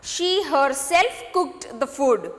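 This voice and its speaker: Teacher lady, high voice, talks real slow, lots of okay? checks, echoey room. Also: expressive. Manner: slow, repetitive, addresses students with "okay?" checks. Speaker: grade six English teacher. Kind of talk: classroom grammar lesson.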